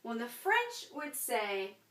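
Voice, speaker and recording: A woman's voice: a little high, very animated, slow pace, a bit bright, far from the mic, slight background noise. A woman teaching a French lesson in a chatty way, with frequent ums and check-ins of "right?". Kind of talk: classroom lesson. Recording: echoey room, voice from afar.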